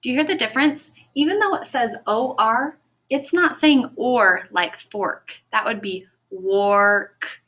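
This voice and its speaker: A woman with a slightly high voice leads a recorded children's phonics lesson. She talks slowly and clearly in an encouraging classroom manner and stretches words into their separate sounds. Her tone is bright. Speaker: teacher.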